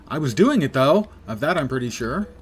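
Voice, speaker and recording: A man's voice: mid-range voice, sing-song, brisk, a little hiss or hum. A man streaming a game live, chatting and joking casually with his viewers.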